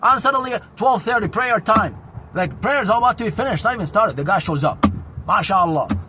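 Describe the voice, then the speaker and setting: A man in his forties from Syria, with a Syrian Arabic accent, ranting loudly and indignantly to the camera outdoors, repeating his points. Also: high voice, lively intonation, brisk. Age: 40s. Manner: loud, projecting, heated and indignant, repeats himself. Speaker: vlogger. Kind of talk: angry street rant to camera. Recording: noisy outdoor recording with traffic.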